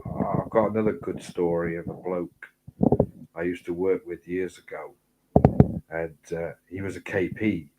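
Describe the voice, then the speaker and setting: A man telling rambling, sweary anecdotes in casual chat, getting louder as the story builds. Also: measured pace, heavy background noise. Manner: sweary rambling anecdotes, gets loud and high when excited. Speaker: host.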